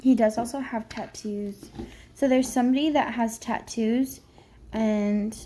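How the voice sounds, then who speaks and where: A woman's voice: fairly high pitch, steady tone, a little slow, dark tone, slight background noise. A woman psychic medium giving a casual, rambling spirit reading on camera, full of fillers. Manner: chatty, rambling, many fillers.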